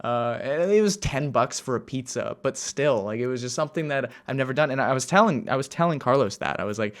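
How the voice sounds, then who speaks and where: A man's voice: medium pitch, animated, fairly quick, few pauses. A young man from the United States telling a story in a casual, rambling way, with many fillers and restarts and a self-amused tone. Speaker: vlogger.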